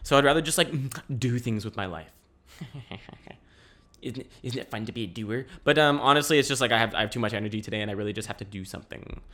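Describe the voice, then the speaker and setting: A man's voice: fairly low pitch, fast, a bit bright. A young man hosting a casual solo podcast from home, rambling with restarts and swearing. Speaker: podcast host. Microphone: camera mic.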